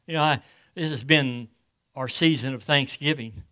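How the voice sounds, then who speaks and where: A man preaching a sermon as pastor, reading scripture slowly and with emphasis, and questioning the congregation. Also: mid-range voice, pushed and bright. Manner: asks the congregation rhetorical questions; stumbles and repeats words when speaking personally.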